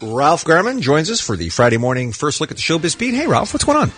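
A man's voice: on the high side, huge pitch swings, fast talker, a bit bright, slightly rough, faint music behind. A man co-hosting a morning radio show, telling stories with wry asides in casual banter. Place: radio studio.

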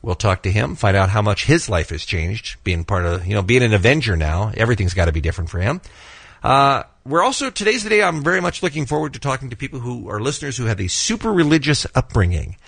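A man's voice: mid-range voice, very animated, a bit bright, slightly rough, dry recording. A man hosting a morning radio show, teasing his co-hosts and running down the day's lineup in a studio. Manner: brisk, teasing, runs the show. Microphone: studio microphone.

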